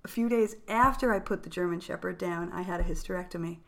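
A woman's voice: fairly low pitch, fast talker, creaky, fairly bright tone. A woman in her fifties co-hosting a podcast, telling personal stories in a casual, chatty way with frequent laughter. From New York. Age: 50s. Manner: chatty, storytelling, laughs often. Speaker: podcast co-host. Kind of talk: casual chat.

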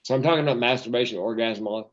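A man's voice: mid-range voice, very fast. A man in his fifties, a comedian and keynote speaker, telling stories and punchlines in casual podcast chat with a self-deprecating manner. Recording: dull lo-fi audio.

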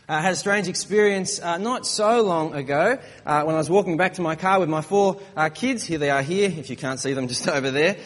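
A man, a father of young children, preaching a sermon in a relaxed, joking storytelling manner. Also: fairly high pitch, brisk, few pauses, long reverb tail.

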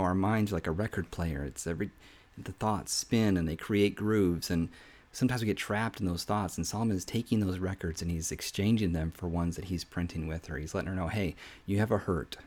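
A man with a very low voice gives an earnest Bible teaching on a podcast. He talks through scripture in a relaxed devotional way, and his voice falls to a soft hush for the quoted verses.

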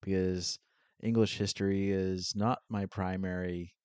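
Deep-voiced man, dry and understated. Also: little pitch movement, unhurried, darkish tone, clear, resonant tone, no room sound. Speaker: podcast host. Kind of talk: casual chat.

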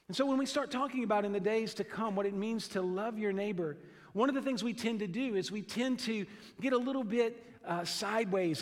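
A pastor giving an earnest, emphatic sermon, slowing down to stress key phrases and often repeating words as he goes. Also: sits high. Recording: long hall reverb.

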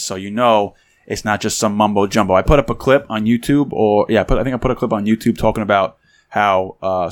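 A man co-hosting a casual podcast, chatting in a relaxed, filler-heavy way. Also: on the low side. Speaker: podcast co-host. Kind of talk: casual chat.

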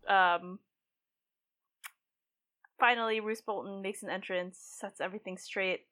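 A woman's voice: mid-range voice, steady tone, measured pace, sharp tone. Chatty woman podcast co-host. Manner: chatty, many "like" fillers. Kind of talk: casual book discussion.

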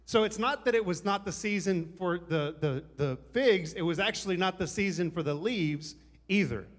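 A man's voice: high voice, normal speed. A man preaching a sermon in a conversational, joking way, teasing the congregation. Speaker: pastor. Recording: long hall reverb.

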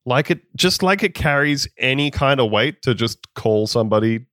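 A man's voice: medium pitch, lively intonation, moderate pace, a bit bright, dry recording, studio quality. Exasperated, swearing podcast man. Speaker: podcast co-host. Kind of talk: casual chat.

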